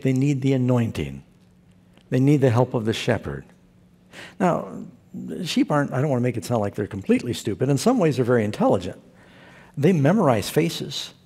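Husky-voiced male preacher. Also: mid-range voice, warm tone. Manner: humorous storytelling preacher who asks the audience questions. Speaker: pastor. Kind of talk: sermon.

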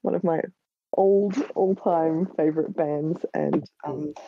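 An Australian woman, a guest writer, chats casually in a rambling, hesitant way full of ums. Her voice sits low with fairly even intonation and a slow pace, and the recording sounds dull and lo-fi.

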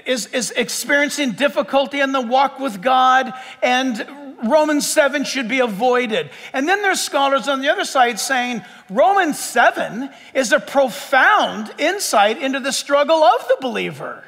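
A man preaching a sermon as pastor, emphatic and swinging between loud and hushed. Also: very high-pitched, lively intonation, unhurried, few pauses. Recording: long hall reverb.

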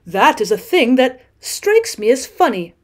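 A timid, wide-eyed little male mole from a storybook, gasping softly at every new wonder as a woman reads him aloud. The voice sits fairly high and stays hushed. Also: very animated, unhurried, full character voice. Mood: curious.

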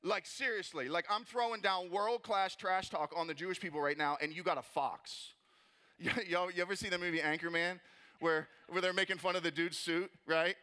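A young man preaching a lively, jokey sermon as a pastor, repeating words and acting out voices as he goes. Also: high voice. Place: church auditorium.

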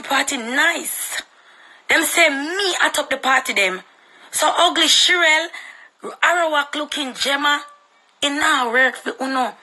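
Woman, Jamaican accent, young adult, bright piercing tone, confrontational, profane social media rant. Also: high voice, poor audio.

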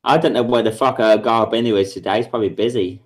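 A man's voice: lowish voice, steady tone, fast talker. Man, livestream host, sweary, blustering, repeats himself. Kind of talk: casual livestream chat.

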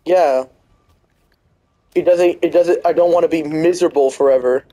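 A man giving casual let's-play commentary, rambling, blunt and excitable. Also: fairly high pitch, moderate pace, poor audio. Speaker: gameplay host.

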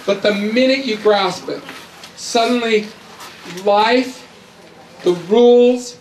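A man's voice: extremely high pitch, steady tone, slow pace. A middle-aged man from North America giving a humorous, emphatic storytelling sermon to a youth audience. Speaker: youth conference speaker. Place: large hall with audience. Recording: echoey hall, distant mic, audience noise.

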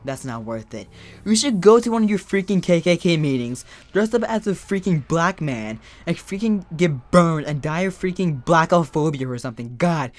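A man's voice: a little high, lively intonation, moderate pace, dry recording. A young man telling a storytime and drawing a tutorial in a casual, joking, rambling way. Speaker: YouTuber.

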